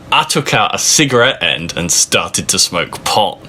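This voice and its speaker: A man reads aloud for laughs in a bright, slow and unhurried voice. His pitch leaps all over the place as he mocks the text with sarcastic, swearing asides. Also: a little hiss or hum. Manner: amused, sarcastic, swearing freely. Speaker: reader of a fan fiction. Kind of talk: comedic dramatic reading with mocking asides.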